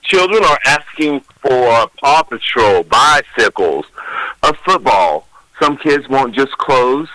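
An older man who works as Santa Claus, telling anecdotes about children in an interview with folksy warmth. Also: mid-range voice, animated, slow, no echo, rough recording. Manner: folksy storyteller, acts out children's voices.

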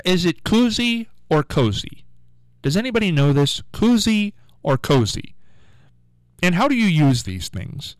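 Animated, smooth-voiced male radio host. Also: high voice, measured pace, dry recording. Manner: playful, animated, chatty. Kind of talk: morning call-in radio show. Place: radio studio.

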